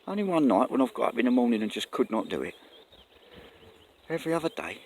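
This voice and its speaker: A man's voice: mid-range voice, big pitch swings, quick pace, a little mellow. Earnest rambling man outdoors. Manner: rambling, earnest, self-correcting. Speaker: vlogger. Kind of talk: casual talk to camera. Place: outdoors in the countryside. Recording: faint outdoor noise, birds.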